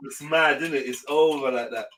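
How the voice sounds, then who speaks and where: A man's voice: mid-range voice, steady tone, a little fast, a bit bright. A man hosting a live online panel show, hyping the audience and teasing his guests in casual banter. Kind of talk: casual live-stream chat.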